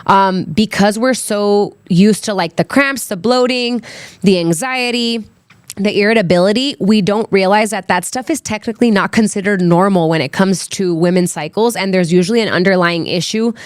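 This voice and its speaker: Chatty young woman podcaster, smooth voice. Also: mid-range voice, normal speed, no echo, studio quality. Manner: candid, chatty, frequent "like" and "um". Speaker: podcast host. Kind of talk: casual solo podcast storytelling.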